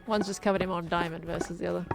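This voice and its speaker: A woman's voice: on the low side, steady tone, rapid-fire, gravelly, faint music behind. A woman chatting casually and giggling as she thinks aloud while playing a game. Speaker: gaming streamer.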